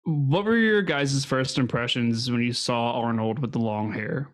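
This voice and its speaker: A man of ordinary middle pitch guides a relaxed film chat, throwing questions to his co-hosts. He laughs easily and keeps things playful. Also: measured pace. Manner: playful, laughing, asks the others. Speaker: podcast host asking questions. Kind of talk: casual movie discussion.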